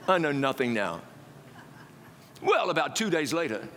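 A man preaching, telling his own testimony as a lively, self-mocking story. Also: on the high side, moderate pace, pauses often, in a large hall, a little hiss or hum.

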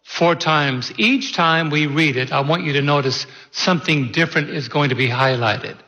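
A man preaching a sermon from the pulpit, praying and teaching in a deliberate way that stresses key words. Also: a little high, bright, forceful tone, slightly rough, in a large hall, dull audio. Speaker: pastor. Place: church sanctuary.

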